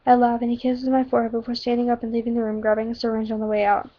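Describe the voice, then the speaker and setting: A woman's voice: fairly high pitch, monotone, rapid-fire. Woman casually reading a story aloud. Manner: casual asides and self-corrections. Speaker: reader. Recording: dull lo-fi home recording.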